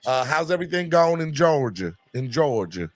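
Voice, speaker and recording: A man's voice: fairly high pitch, very animated, moderate pace. A man hosting a casual fan live stream, talking in a playful, teasing way. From Mississippi. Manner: playful, teasing, sometimes mock-serious. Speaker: fan show host. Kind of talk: casual chat. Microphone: video call.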